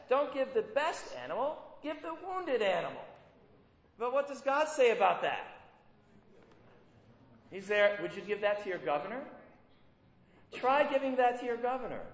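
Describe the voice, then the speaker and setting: A man preaching a sermon in a conversational way, often putting rhetorical questions to his listeners. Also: very high-pitched. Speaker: pastor. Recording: echoey hall, dull lo-fi sound.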